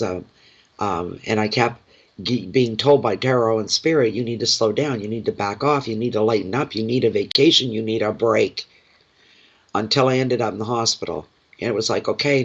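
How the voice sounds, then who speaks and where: Gentle reassuring male tarot reader. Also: medium pitch, lo-fi sound. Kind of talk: tarot card reading to camera.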